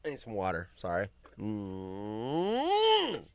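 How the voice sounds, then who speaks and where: A man hosting a live show in casual chat, rambling and often bursting into yelling. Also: lowish voice, wildly swooping pitch, slow, creaky, clean tone. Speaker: podcast host.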